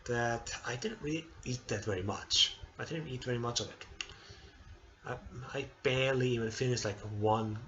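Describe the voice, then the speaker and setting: A young man vlogging a casual personal update, halting and hesitant, tearful as he talks. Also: mid-range voice, a bit bright, lo-fi sound, slight background noise. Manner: halting, hesitant, many restarts and apologies.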